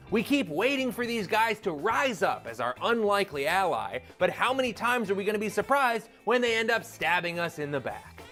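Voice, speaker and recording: A man narrating a comedic script in a sarcastic, punchy way. His pitch sits fairly high and swings widely, with faint music playing underneath. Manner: sarcastic, punchy, with loud exclamations. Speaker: host of an online video series.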